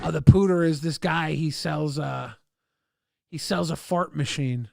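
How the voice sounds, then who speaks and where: A man streaming live, chatting casually and reacting to videos with excitable, profane outbursts. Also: fairly high pitch, a little slow, creaky, background noise.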